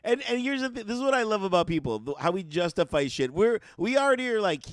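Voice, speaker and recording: A man telling a story in casual podcast chat, animated and swearing freely. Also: high voice, fast talker, no echo. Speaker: podcast co-host.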